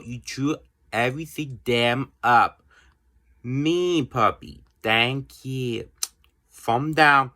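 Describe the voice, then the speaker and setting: A man's voice: mid-range voice, very slow, bright, forceful tone. A man ranting in a home video, grumbling bluntly and repetitively with mild swearing. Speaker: vlogger.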